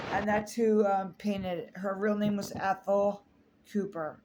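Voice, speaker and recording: A woman telling a personal story on her vlog, holding back tears, halting with many fillers and restarts. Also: mid-range voice, steady tone, a little mellow, slight background noise. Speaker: artist sharing a personal story.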